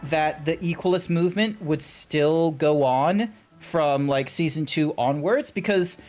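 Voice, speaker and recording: A man's voice: fairly high pitch, a little slow, a little mellow, soft background music. Rambling, laid-back male game streamer. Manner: rambling, laughs easily, swears casually. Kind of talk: casual chat while gaming.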